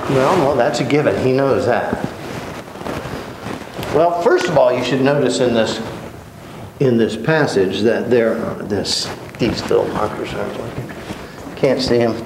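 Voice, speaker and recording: A man's voice: mid-range voice, unhurried, long pauses. A man teaching a church Bible class, conversational and joking, repeating words for emphasis. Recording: roomy echo, faint background hiss.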